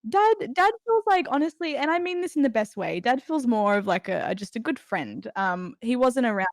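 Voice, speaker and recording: A woman's voice: on the high side, lively intonation, fairly quick, dry recording, studio quality. A young Australian woman in her twenties, a guest chatting casually and laughing often between stories. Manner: giggly, chatty, trailing restarts. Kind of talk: casual interview chat.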